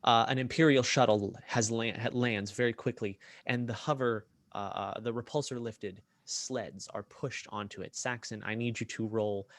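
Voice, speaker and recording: A man narrating a tabletop role-playing game as game master, in a lively way with frequent fillers and restarts. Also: mid-range voice, normal speed, few pauses, no room sound.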